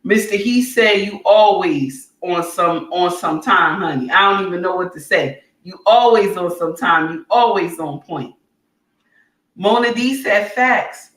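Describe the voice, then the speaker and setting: A woman's voice: lowish voice, measured pace, distant mic. Woman, livestream host; blunt and preachy, set off from the mic. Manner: preachy, blunt, scolding, raises voice to shouting. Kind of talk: impassioned livestream rant, then reading chat. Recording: roomy sound, voice away from the mic.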